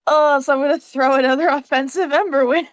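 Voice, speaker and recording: A woman's voice: sits high, steady tone, brisk, dry recording. A woman playing a tabletop game on stream, exasperated, swearing and laughing often. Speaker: player.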